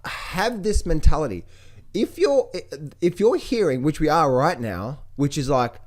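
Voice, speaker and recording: A man talking casually about markets to viewers, animated, repeating words and mimicking other people's voices. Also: a little high, measured pace. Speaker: trading educator. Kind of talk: casual market commentary to camera.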